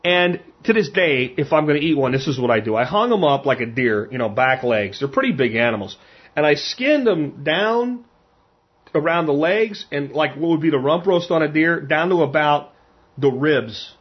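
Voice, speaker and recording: A fairly high-voiced man from Pennsylvania with a husky edge. He tells hunting and cooking stories casually, rambling and frank, often stumbling over repeated words. The recording sounds dull and lo-fi. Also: lively intonation, moderate pace. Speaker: hunter and cook. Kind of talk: casual storytelling.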